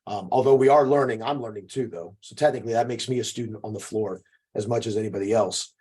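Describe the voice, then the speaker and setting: A man's voice: lowish voice, fast, mellow, slightly rough. A man co-hosting a podcast as a jiu-jitsu coach, giving an emphatic, profane motivational talk that keeps checking in with "okay".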